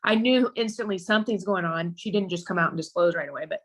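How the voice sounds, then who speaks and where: Halting mother telling a painful story. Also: lowish voice. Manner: halting, many restarts. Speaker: guest. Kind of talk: emotional personal storytelling.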